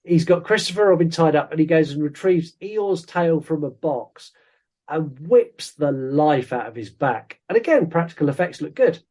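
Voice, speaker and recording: Male podcast co-host, slightly high voice, rambling and jokey, casual film review. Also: expressive, normal speed, mellow. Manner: rambling, jokey, self-interrupting.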